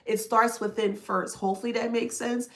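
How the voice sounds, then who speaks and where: A woman's voice: on the high side, level tone, normal speed. A woman giving a spiritual self-help talk to her viewers. She talks emphatically, in a preachy way, repeats points and checks in with "that makes sense?". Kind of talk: motivational talk to camera.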